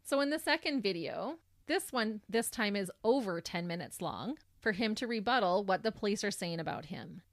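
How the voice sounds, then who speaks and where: A woman's voice: medium pitch, expressive, normal speed, few pauses, dry recording, studio quality. A woman hosting a podcast, recounting a true crime case in a sardonic storytelling manner. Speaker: podcast host.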